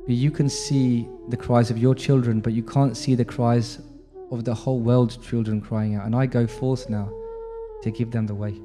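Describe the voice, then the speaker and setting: A man voicing a gentle, compassionate male spiritual teacher, speaking softly and tenderly. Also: mid-range voice, level tone, normal speed, close to an everyday voice. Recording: faint music under reverberant room.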